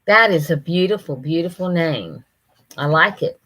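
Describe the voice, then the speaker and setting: A woman's voice: sits low, lively intonation, normal speed, a bit bright. An older woman hosting a casual live stream, chatting with viewers and greeting them by name, often laughing.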